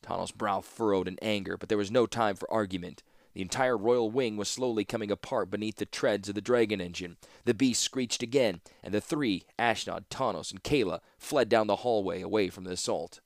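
Low-voiced guy reading a fantasy audiobook, steady pace, dead dry sound. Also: dry recording. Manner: steady, measured storytelling. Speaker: audiobook narrator. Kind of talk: scripted fantasy narration.

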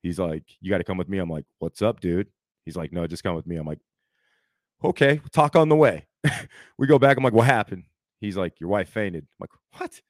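A man's voice: sits low, quick pace, darkish tone, dry recording, studio quality. A man in his thirties, a podcast co-host, telling a story in casual chat and acting out the quotes, saying "dude" a lot.

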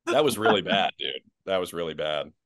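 A man with a notably low voice chats as a guest on a sports podcast. He is easygoing and self-deprecating, laughing often. The sound is dry and close. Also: lively intonation, fairly quick, a bit bright, no room sound. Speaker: podcast guest, basketball play-by-play announcer. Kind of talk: casual podcast chat.

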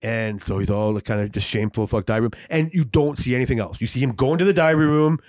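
A man's voice: medium pitch, fast talker, a little mellow. A man co-hosting a podcast, telling a long story in casual chat, rambling with lots of fillers and swearing. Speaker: podcast co-host.

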